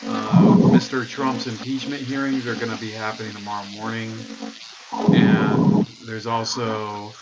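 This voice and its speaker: A man's voice: on the low side, flat delivery, a little slow, highs cut off, heavy background noise. A man hosting a live political talk stream, rambling and sardonic, with lots of fillers. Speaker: host.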